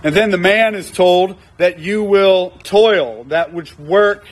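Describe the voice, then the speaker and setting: A man with a fairly high voice preaches in a relaxed, conversational way. He acts out little quoted voices and hammers points home by repeating them. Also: slow pace. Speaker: pastor. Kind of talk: sermon.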